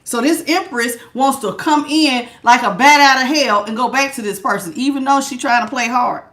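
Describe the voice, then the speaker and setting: Loud, blunt woman tarot reader; high, carrying voice, sassy, laughs often, close on a good mic. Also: moderate pace. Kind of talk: live tarot reading, chatting with viewers. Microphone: good studio mic.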